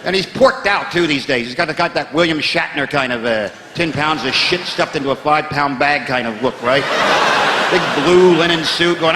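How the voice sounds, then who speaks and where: A man with an American accent telling a stand-up story in a wry way, dropping to low mutters for asides. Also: moderate pace, very noisy. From United States. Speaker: stand-up comedian. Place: large theatre stage before a live audience. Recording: echoey theatre hall, laughing crowd.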